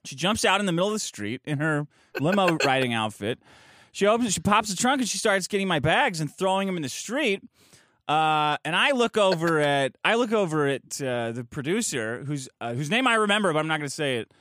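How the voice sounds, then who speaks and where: A man's voice: a little high, very animated, fairly quick, a bit bright. A man telling a profane, mocking story as a podcast guest, close to the mic.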